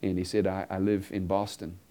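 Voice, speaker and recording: A man's voice: low-pitched, flat delivery, fairly quick, warm tone. Man preaching an earnest story sermon. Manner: earnest storytelling, quoting dialogue.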